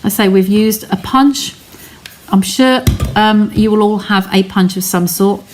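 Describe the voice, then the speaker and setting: A woman's voice: mid-range voice, a little slow, slight background noise. A woman hosting a live craft stream from her home studio, explaining each step in a chatty way and talking to her viewers.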